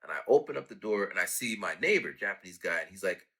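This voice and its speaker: A man with a low-pitched, bright and forceful voice talks casually about his raps. He acts out sound effects and quoted lines as he goes. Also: animated, fast talker, breathy edge. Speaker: rapper talking about his own songs. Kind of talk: casual storytelling.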